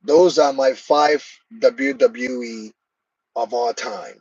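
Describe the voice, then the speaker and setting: A man's voice: medium pitch, slow pace, a little mellow, slightly rough, no room sound, highs cut off. A man hosting a live stream, chatting casually and answering viewers' comments by name.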